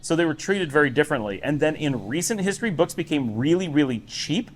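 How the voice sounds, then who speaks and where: A man talking through his day in a relaxed, rambling daily vlog, recorded in his home office on a recorder sitting on a table. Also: a little high, fast. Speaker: vlogger. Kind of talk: casual daily vlog talk.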